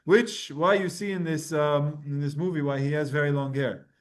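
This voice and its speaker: A man's voice: on the high side, steady tone, moderate pace. A man teaching a Talmud class, reading Hebrew verses aloud and then translating and explaining them in casual English. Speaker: Torah teacher.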